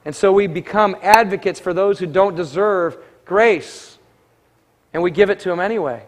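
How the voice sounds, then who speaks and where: High-voiced man telling a sermon story. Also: moderate pace. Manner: conversational, animated, acts out quoted dialogue. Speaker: pastor.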